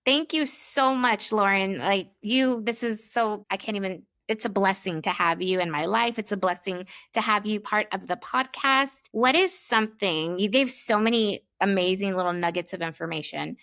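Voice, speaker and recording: A woman's voice: medium pitch, normal speed, hardly any pauses, fairly bright tone, dry recording. A woman hosting a podcast, upbeat and casual, often saying "like". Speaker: podcast host. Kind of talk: conversational interview.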